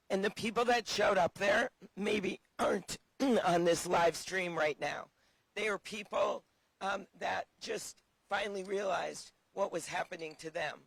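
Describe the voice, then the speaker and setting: A senator speaking passionately at an outdoor rally, her voice hoarse and worn, clearing her throat now and then. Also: medium pitch, no room sound, poor audio. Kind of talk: rally speech.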